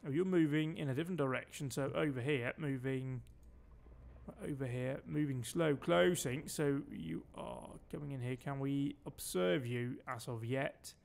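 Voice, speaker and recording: A man's voice: medium pitch, moderate pace, gravelly, a little mellow. A man from Denmark giving chatty, sweary commentary while streaming a game and barking orders at his crew. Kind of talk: casual gameplay commentary.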